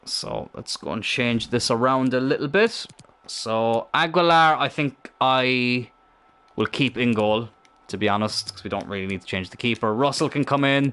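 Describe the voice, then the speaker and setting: A young man commentating his own football game in casual let's-play style, excitable and thinking aloud, swearing freely. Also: mid-range voice, moderate pace, clean tone.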